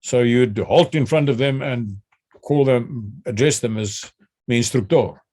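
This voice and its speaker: A man's voice: mid-range voice, measured pace, no room sound, studio quality. Older man recalling army training. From South Africa. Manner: repeats words when starting, acts out shouted drill calls. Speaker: retired general interviewee. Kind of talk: recounting memories.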